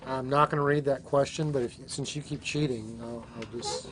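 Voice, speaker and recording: A man's voice: medium pitch, steady tone, normal speed, a bit bright, slight background noise. A man hosting a live show, reading out viewers' names and towns between joking remarks. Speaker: host.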